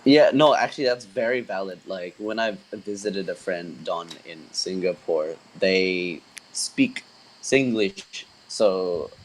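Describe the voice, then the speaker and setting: A young man with a mild Australian accent, a band member chatting casually on a podcast in a relaxed, rambling way with lots of fillers. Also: sits low, takes it slowly, slight background noise, poor audio.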